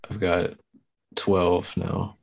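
A man who works as an audiobook narrator, talking slowly and easily in a casual podcast chat. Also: low voice, little pitch movement, vocal fry, slight background noise. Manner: talks slowly, laid-back.

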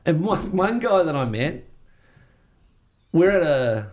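A man's voice: fairly high pitch, big pitch swings, slow pace, slight background noise. An older Australian man telling rambling surf-trip stories in casual chat, swearing freely and acting out the dialogue himself. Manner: rambling, laid-back, swears freely, acts out quoted dialogue. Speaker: interviewee, surfer. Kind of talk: casual storytelling.

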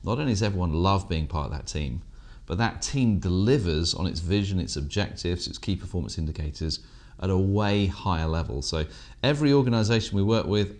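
A very deep-voiced British man co-hosting a casual business podcast. He talks with dry, self-deprecating humour, easing between banter and explanation. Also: darkish tone. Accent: British English. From England. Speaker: podcast co-host.

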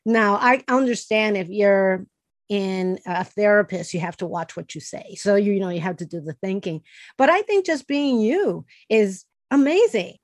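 A woman's voice: mid-range voice, dry recording, studio quality. A woman hosting a podcast, talking in an eager, chatty way. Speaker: podcast host. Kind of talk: casual conversation.

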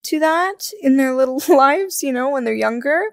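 Casting note: young woman, podcast guest, candid and jokey, higher voice, dry close mic. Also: normal speed, dry recording. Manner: candid, jokey, animated storytelling. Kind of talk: casual interview chat.

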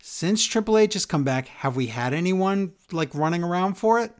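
A man's voice: sits high, animated, normal speed, clean tone. A man co-hosting a podcast, ranting sarcastically in a casual wrestling recap. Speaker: podcast co-host.

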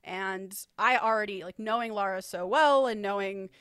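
A woman talks casually as a podcast co-host, chatty and quick to laugh. Her voice sits in a middle pitch. The sound is close and dry, with no room echo. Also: a bit bright, clean tone.

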